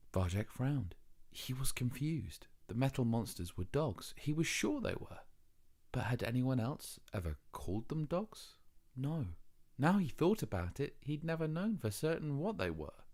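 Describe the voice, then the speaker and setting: A man reading a children's novel aloud as audiobook narrator, measured and expressive. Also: mid-range voice. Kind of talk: scripted narration.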